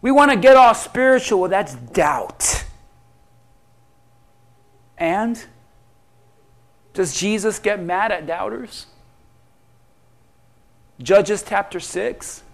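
A male pastor delivers a sermon with a very high voice and a slow, unhurried pace. He acts out prayers and scripture figures in quoted speech. His delivery swings from loud pleading to hushed asides. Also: vocal fry.

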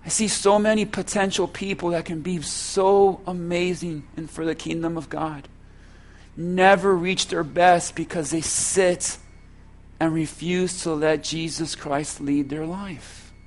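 A man preaching a sermon as pastor, slow and emphatic, asking the congregation rhetorical questions. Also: fairly high pitch, fairly even intonation.

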